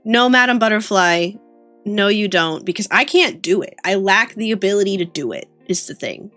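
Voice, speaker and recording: A woman's voice: medium pitch, animated, normal speed, fairly bright tone, no echo, faint music behind. A woman streamer chatting casually with her viewers while drawing, giggly and teasing. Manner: giggly, playful, teasing banter.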